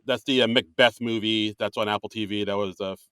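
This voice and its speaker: A man's voice: lowish voice, fairly even intonation, fast, fairly bright tone, clean tone, no echo, clean studio sound. A man co-hosting a comedy podcast, chatting casually with lots of fillers and a playful streak. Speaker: podcast co-host. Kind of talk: casual chat.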